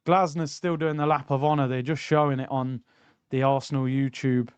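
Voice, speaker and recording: A man's voice: medium pitch, steady tone, moderate pace, clean tone, no echo. A young man, hosting a casual football watchalong stream, bantering and reading out chat messages.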